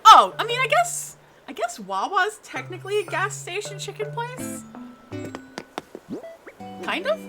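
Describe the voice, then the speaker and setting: A woman's voice: very high voice, big pitch swings, a little slow, long pauses, over music. A woman from New Jersey streaming live in a casual chat, cursing often and restarting her sentences. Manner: frustrated, swears freely, lots of restarts.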